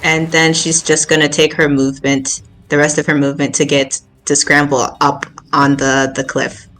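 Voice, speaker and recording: A woman playing a tabletop game, slow and halting as she thinks aloud. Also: deep voice, flat delivery, a bit bright. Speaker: player. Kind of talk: casual tabletop play.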